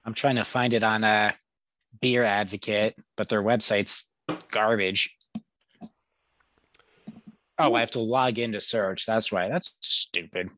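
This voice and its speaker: A man's voice: fairly low pitch, fairly even intonation, unhurried, pauses often, a bit bright. A man co-hosting a podcast over a video call, tossing in dry, grumbling asides. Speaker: podcast co-host. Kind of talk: casual chat. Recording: dull lo-fi video call audio.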